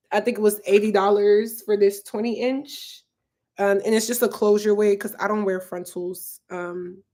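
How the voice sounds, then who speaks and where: A woman in her twenties from Philadelphia, chatting loosely on a livestream and reading out viewer comments, full of "like" and "um". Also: mid-range voice. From Philadelphia, USA. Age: 20s. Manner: chatty and rambling, lots of "like" and "um". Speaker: YouTuber hosting a livestream. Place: her apartment.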